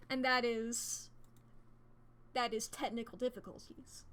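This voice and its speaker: A woman streaming a game, chatting casually and excitably, swearing freely and rambling as she plays at a home desk setup. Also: high-pitched, slow pace, slight background noise. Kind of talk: casual gameplay commentary.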